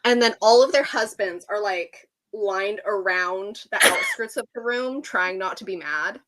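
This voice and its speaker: A woman's voice: medium pitch, huge pitch swings, a little slow, very noisy. A woman co-hosting a livestream, telling gossipy stories in casual chat with mock-indignant asides. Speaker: livestream co-host.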